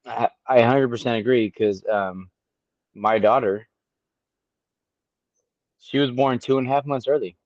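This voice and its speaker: A man's voice: medium pitch, measured pace, pauses often, dry recording, muffled recording. A man in his late thirties, co-hosting a podcast, telling a personal story in a casual, profane way and acting out what others said. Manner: profane, storytelling, animated quoting. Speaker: podcast co-host.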